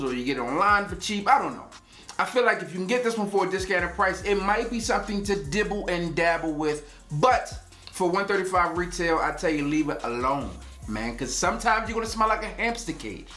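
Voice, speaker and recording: A man's voice: sits high, pushed and bright. Joking man in a roomy room. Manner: joking, rambling storyteller. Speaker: fragrance reviewer. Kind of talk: casual review vlog. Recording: roomy echo.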